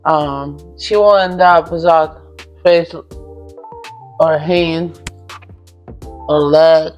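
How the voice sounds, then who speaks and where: A woman's voice: sits low, fairly even intonation, drawn-out words, dull audio, soft background music. A young woman from Russia with a Russian accent, bluntly telling a personal story and swearing freely. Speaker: vlogger.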